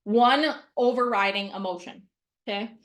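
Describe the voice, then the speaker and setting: A woman's voice: a little high, moderate pace, fairly bright tone. A middle-aged woman teaching a mindset lesson on a video call. She speaks bluntly and casually, stresses each point and keeps checking in with "okay?". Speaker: mindset coach.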